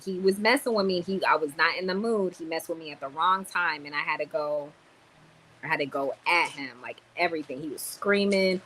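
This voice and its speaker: A young woman vlogging casually on a livestream, tired and chatty, telling stories with sudden loud exclamations. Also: low-pitched, rough recording.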